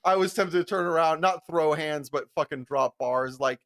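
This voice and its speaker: A man's voice: a little high, moderate pace, hardly any pauses. Foul-mouthed young man telling a story. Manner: profane, animated, laughing storyteller. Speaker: podcast co-host. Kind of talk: casual storytelling chat.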